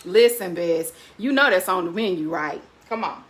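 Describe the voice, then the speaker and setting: An older woman, hosting a casual cooking vlog and chatting warmly and animatedly to her viewers, laughing often. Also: on the low side, animated, normal speed, background noise. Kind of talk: casual unboxing chat to viewers.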